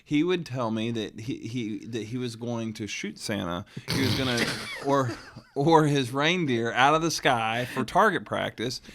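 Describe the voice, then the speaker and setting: A male podcast co-host from Florida spins a long family anecdote in an easygoing, rambling way. He laughs often and slips into little impressions of his relatives, with a voice pitched right in the middle. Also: unhurried, fairly bright tone, a little hiss or hum. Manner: rambling, laughing storyteller who acts out family members. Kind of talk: casual chat, personal storytelling.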